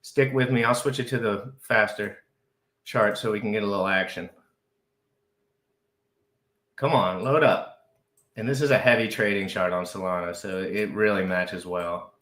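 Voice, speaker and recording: A man hosting a live crypto stream, talking frantically, overexcited, with shouts and repeated phrases. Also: fairly low pitch, a little slow, long pauses, echoey room. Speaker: crypto livestream host. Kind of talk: excitable live stream chat.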